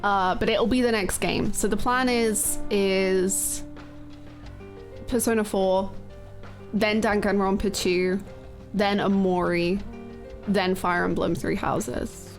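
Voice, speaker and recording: A woman's voice: medium pitch, fairly even intonation, slow, long pauses, soft background music. A woman streaming a game, chatting casually and greeting viewers, her voice a bit scratchy, laughing often.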